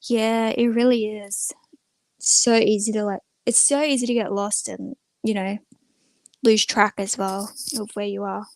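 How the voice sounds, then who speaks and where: A small-channel live streamer talks casually to her viewers from a room at home with the door closed. Her mid-pitched voice is steady, a little slow and slightly mellow, with no room sound, and she rambles with plenty of "like" and "um."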